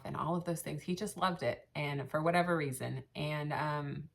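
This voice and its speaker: A low-pitched woman in her thirties chats casually for a craft vlog, her voice carrying a gravelly rasp. She rambles earnestly, restarting sentences and filling pauses with ums. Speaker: cross stitch vlogger and shop owner. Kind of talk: casual chat.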